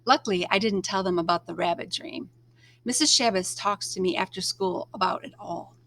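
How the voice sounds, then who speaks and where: A woman reading a novel aloud, narrating in the first person at a measured, expressive pace. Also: mid-range voice, creaky. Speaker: read-aloud storyteller.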